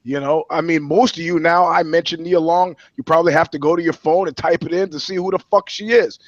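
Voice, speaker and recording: Male journalist co-host, blunt and profane, fairly high voice, dull dry recording. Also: fairly even intonation, brisk, no echo. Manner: blunt, swearing, storytelling. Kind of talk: profane podcast chat.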